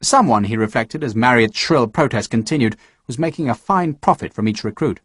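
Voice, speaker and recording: A man narrating an audiobook in a measured, expressive storytelling manner, recorded close to a studio microphone. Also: medium pitch, dry recording. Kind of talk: scripted narration.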